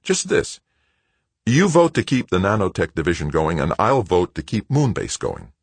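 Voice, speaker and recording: A man's voice: low-pitched, wildly swooping pitch, moderate pace, creaky, breathy edge, dry recording, pitched above the performer's own voice, heavily acted. A man putting on a pushy eager young executive. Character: eager scheming businessman son, adult male.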